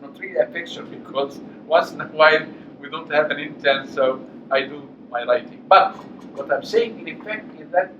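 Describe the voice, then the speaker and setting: A man's voice: a little high, a bit bright. A man in his eighties giving a public lecture at a college, telling personal stories and acting out the dialogue with emphasis. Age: 80s. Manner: anecdotal, acts out dialogue, emphatic. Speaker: guest speaker. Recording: echoey hall, distant mic, dull, noisy.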